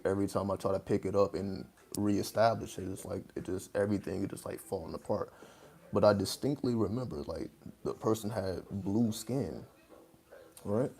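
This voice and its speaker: Speaking in a low, dark, husky voice, a livestream host talks in a loose, casual way. His points wander, padded with fillers and broken up by laughter.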